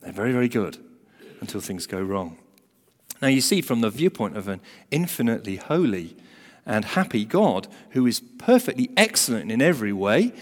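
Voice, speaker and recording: A man of middle pitch delivers a sermon, telling a story with emphatic swings between forceful and hushed delivery. His voice carries a long reverb, as if heard in a large hall. The pacing shifts as he builds and releases tension. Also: sing-song, normal speed. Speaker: preacher.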